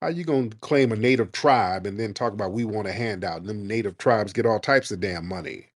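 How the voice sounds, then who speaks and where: Homem zombeteiro e combativo, som seco. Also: male voice, on the low side, fairly quick, no room sound, studio quality. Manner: mocking, combative, talks over caller. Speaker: host taking callers. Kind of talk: heated call-in debate.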